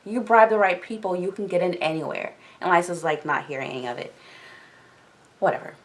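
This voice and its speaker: A woman's voice: on the low side, expressive, fairly quick. A woman casually recapping a book on her vlog in a chatty manner, with many filler words. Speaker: book discussion vlogger.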